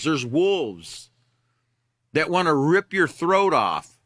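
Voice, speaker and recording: A man's voice: fairly high pitch, sharp tone, no echo, studio quality. A middle-aged man teaching a character education class, telling a candid personal story in a conversational way. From Alaska.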